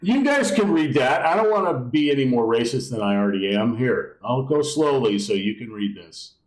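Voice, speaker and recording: Chatty male game streamer, lively voice. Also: medium pitch, normal speed, echoey room, low-quality recording. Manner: rambling, swears, reads game text aloud. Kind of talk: casual live gameplay commentary.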